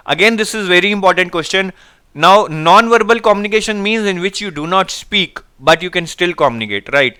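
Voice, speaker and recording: A high-voiced man teaches a live online class. His tone is bright and clean, close to the mic. He keeps calling on viewers to answer and reads their replies out. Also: smooth. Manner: energetic, coaxing viewers to answer. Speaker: online exam-prep teacher.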